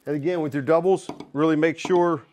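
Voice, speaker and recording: A man's voice: fairly high pitch, fairly even intonation, a little fast, music in the background. A middle-aged man giving a drum clinic in a recording studio, talking loosely and casually with lots of "you know" fillers.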